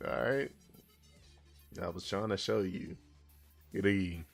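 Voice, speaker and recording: A man streaming a casual language lesson, who swears in loud outbursts and reads chat aloud. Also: deep voice, slow, gravelly, faint music behind. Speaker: streamer teaching Japanese.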